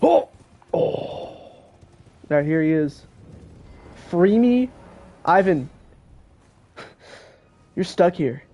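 A man's voice: high-pitched, lively intonation, very slow, pauses often, warm tone. A teenage boy streaming a video game, joking and chatting casually with friends on a call. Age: teens. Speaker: gaming streamer. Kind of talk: casual live-stream commentary.

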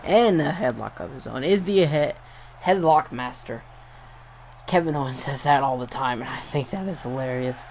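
A young man giving casual play-by-play commentary over a wrestling video game, getting excited and swearing at big moves. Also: medium pitch, normal speed, a little hiss or hum. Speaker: gameplay commentator.

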